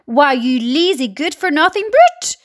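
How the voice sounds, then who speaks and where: A woman's voice: big pitch swings, measured pace, fairly bright tone. A woman reading a storybook aloud, voicing a thin, spiteful old aunt who screeches and snaps. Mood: furious. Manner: shrill and snapping.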